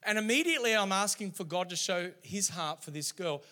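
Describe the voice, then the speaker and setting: A middle-aged man preaching a sermon, telling stories in an animated way. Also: high-pitched, brisk. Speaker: pastor.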